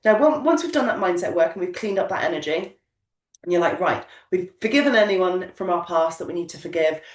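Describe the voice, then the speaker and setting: A woman's voice: lowish voice, expressive, a little fast. A woman coaching a group of business owners, speaking emphatically and repeating her points in a motivational way. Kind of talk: coaching session talk. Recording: echoey room, distant mic.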